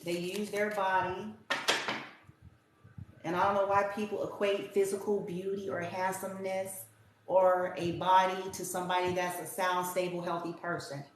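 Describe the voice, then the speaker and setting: Low-voiced woman doing a tarot reading, swears a lot, rambles, really echoey room. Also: little pitch movement, moderate pace. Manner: blunt, profane, rambling rant. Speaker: tarot reader. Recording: very echoey room with faint hiss.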